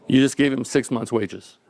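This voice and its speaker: A man's voice: mid-range voice, darkish tone. Man telling a story live, conversational. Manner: conversational, acting out dialogue, chuckling between lines. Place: cafe event stage.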